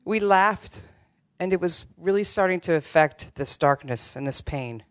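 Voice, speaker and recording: A woman's voice: on the low side, lively intonation, measured pace. A middle-aged woman telling a true personal story on stage, candid and wry, with self-deprecating humor. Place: theater stage before a live audience.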